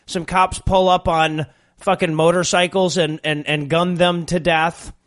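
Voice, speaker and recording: Male co-host, fairly high voice, plot recap with swearing. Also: little pitch movement, measured pace, fairly bright tone. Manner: recaps the plot with profane asides. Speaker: podcast co-host.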